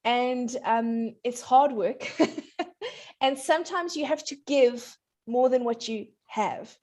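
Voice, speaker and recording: A woman in her thirties talks as a guest parenting coach. She chats in a loose, friendly way, full of ums, and laughs easily. Her voice sits a little high. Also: takes it slowly, darkish tone. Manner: chatty, many fillers, laughs easily. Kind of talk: casual explanatory chat.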